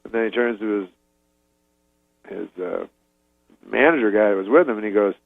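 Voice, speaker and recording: A man, a comedian, telling a long rambling story in a halting, deadpan way and chuckling now and then. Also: lowish voice, creaky, no room sound. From Canada. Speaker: comedian guest. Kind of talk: rambling storytelling on a radio interview. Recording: dull dry lo-fi radio recording.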